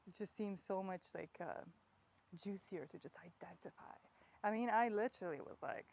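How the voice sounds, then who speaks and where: A woman's voice: medium pitch, measured pace, gravelly, long pauses, darkish tone, a little hiss or hum, poor audio. A woman speaking her thoughts aloud in a candid spoken audio diary, rambling, swearing often and laughing as she goes. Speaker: vlogger. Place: outdoors on a walk.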